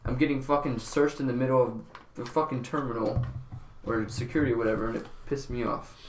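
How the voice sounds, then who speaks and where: A man co-hosting a casual podcast, telling stories in an animated, profane way. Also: medium pitch, fast. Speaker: podcast co-host. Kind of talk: casual chat. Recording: echoey room, faint noise.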